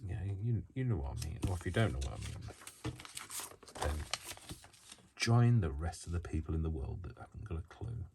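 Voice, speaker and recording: A man's voice: rumbling low, animated, normal speed, gravelly, long pauses. A man making a casual craft video, rambling and joking at himself as he works. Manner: rambling, self-mocking, talks to himself while working. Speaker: craft vlogger. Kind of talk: casual chat while crafting. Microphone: built-in camera mic, mic not working. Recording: noisy home recording.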